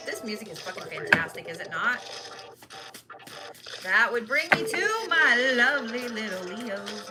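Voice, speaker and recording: A woman's voice: medium pitch, rough recording. Profane, blunt woman reading tarot over music. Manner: blunt and profane, talks straight to viewers. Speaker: tarot card reader. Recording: loud music behind the voice.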